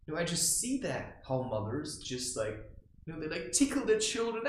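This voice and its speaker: Blunt, animated man in a roomy space. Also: on the high side, normal speed, a little hiss or hum. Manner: blunt, provocative, mocking. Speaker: spiritual advice vlogger. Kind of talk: casual monologue.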